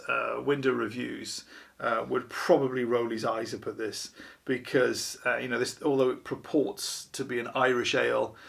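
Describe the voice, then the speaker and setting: Guy chatting thru a beer review, bit of fry in his voice, dry self-mocking humour. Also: mid-range voice, fairly bright tone. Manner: chatty, wry, self-deprecating. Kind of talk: casual review vlog.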